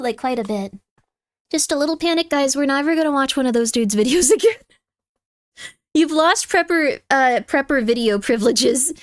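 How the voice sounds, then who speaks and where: A woman with a high, light voice chats with her stream viewers and reads their messages aloud. Now and then she goes soft and cooing with her cat. The sound is dry and close, with no room behind it. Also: lively intonation, normal speed, dry recording. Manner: chatty, reads chat aloud, coos softly to her cat. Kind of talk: casual live-stream chat. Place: home room.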